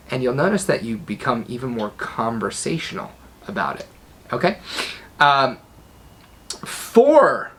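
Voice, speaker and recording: A man's voice: medium pitch, fairly bright tone, a little hiss or hum. Man teaching voice techniques. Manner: demonstrates tones, drops voice on commands. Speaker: NLP trainer. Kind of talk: instructional talk to camera.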